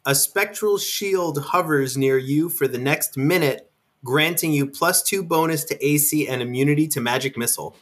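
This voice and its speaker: A man's voice: fairly high pitch, normal speed, fairly bright tone. A man playing a tabletop game, chatting casually and checking the rules. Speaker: player.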